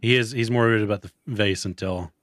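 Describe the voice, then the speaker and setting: A young man co-hosting a casual movie podcast, animated and quick to act out lines. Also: dry recording, clean studio sound. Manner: animated, acts out movie quotes in a high voice. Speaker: podcast co-host.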